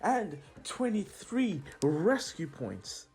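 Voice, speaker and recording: A young man voicing a booming adult male superhero who announces results in a formal way. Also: big pitch swings, extremely slow, a little mellow, slightly rough, faint music behind, exaggerated voice. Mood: congratulating.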